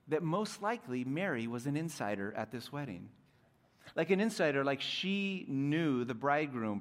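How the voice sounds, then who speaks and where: A young adult man preaching a sermon as pastor, animated, dropping to soft intimate tones at times. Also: medium pitch.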